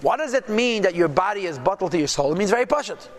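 A man's voice: high voice, quick pace. A man teaching a religious text class, reading phrases aloud and translating each, then asking and answering his own questions. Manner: lively teaching with rhetorical "yeah?" and "right?". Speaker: Torah teacher.

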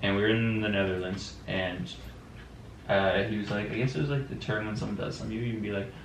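A man telling travel stories in casual chat, animated and quick to act out what people said. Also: on the low side, slight background noise. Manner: animated storyteller, quotes people in lively voices. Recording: roomy, distant mic with faint background.

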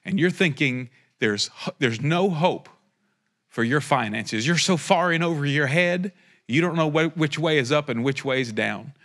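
Speaking directly to listeners, a man delivers a prophetic sermon in an animated, unhurried, fairly bright voice. He mixes impassioned preaching with joking asides and climbs to a fervent pitch.

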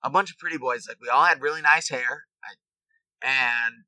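Young male vet co-host, bright and dry, loose rambling anecdotes. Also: mid-range voice, normal speed, no room sound, poor audio. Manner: rambling storyteller, heavy use of "like", laughs often. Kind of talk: casual chat.

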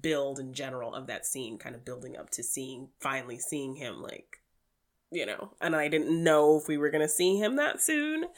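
A woman co-hosting a casual podcast chat, talking in a relaxed way with many fillers. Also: deep voice, normal speed. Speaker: podcast co-host.

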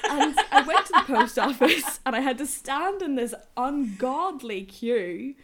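A woman telling a story in casual chat, animated and laughing often. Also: high-pitched, unhurried, slight background noise.

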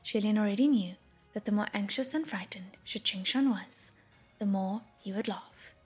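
A woman reads the novel aloud in a breathy, husky near-whisper at a middle pitch. Faint music plays underneath. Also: moderate pace. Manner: breathy, hushed reading. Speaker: audiobook narrator. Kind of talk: audiobook narration.

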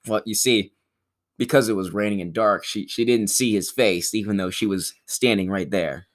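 A man's voice: lowish voice, moderate pace. A man co-hosting a podcast, chiming in with dry, jokey quips about a film and mimicking characters. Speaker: podcast co-host. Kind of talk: casual movie review chat.

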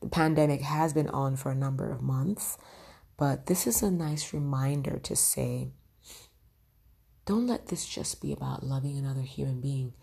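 Speaking directly to her audience with a steady stream of "right?", a woman hosting a podcast gives heartfelt motivational guidance on love. Her very deep voice is creaky, mellow and a bit breathy, and she talks at a moderate pace.

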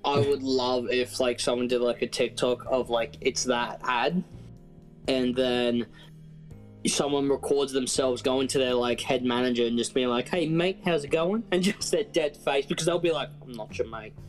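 A man with an Australian accent, co-hosting a podcast in casual chat, animated, acting out quotes and laughing as he tells stories. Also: mid-range voice, moderate pace, faint music behind. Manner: animated storyteller, acts out quotes, laughs often. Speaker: podcast co-host.

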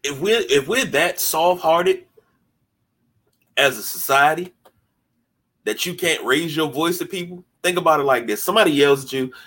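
A man hosting a sports podcast in casual talk, animated and mocking, often stumbling over repeated words as he starts a thought. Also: on the high side, moderate pace, pauses often. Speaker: podcast host.

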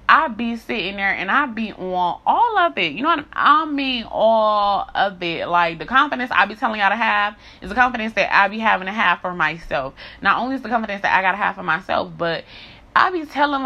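A woman's voice: mid-range voice, lively intonation, a little fast, bright, forceful tone, dull audio. A young woman speaking in a blunt, heated, profane monologue rant to her followers. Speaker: social media creator.

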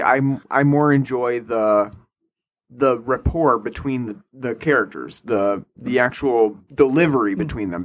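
A man in casual film chat, speaking in a measured, thoughtful way with frequent "um" and "like". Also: medium pitch, fairly bright tone. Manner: measured, thoughtful, many fillers. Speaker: podcast co-host.

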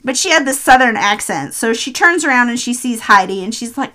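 A woman's voice: on the high side, normal speed. A woman chatting casually as she retells a film plot, acting out characters' lines as she goes. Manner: animated storyteller, acts out characters' lines. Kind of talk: casual chat recapping a film.

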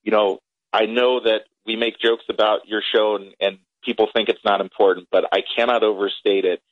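A man's voice: on the low side, little pitch movement, brisk, no echo. A man calling in as a critical care doctor, earnest and emotional. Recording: tinny phone line.

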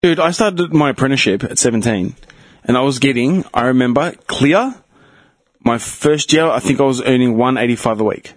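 Australian man, 30s, blunt co-host, husky, dry close mic. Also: medium pitch, fairly quick, dry recording. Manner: animated, blunt, swears often. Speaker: podcast co-host. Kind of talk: casual chat.

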